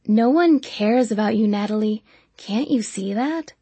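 A spiteful young woman bullying a rival, voiced by a woman reading a novel aloud. She drags her words out slowly, sugary on top and cruel underneath. The voice is husky and close, with no room around it. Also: mid-range voice, warm tone, dry recording. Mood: taunting.

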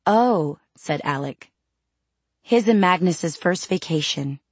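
Reading from a fantasy novel, this audiobook narrator keeps a calm, even, measured storytelling delivery. Her voice is on the lower side, and the recording carries no echo.

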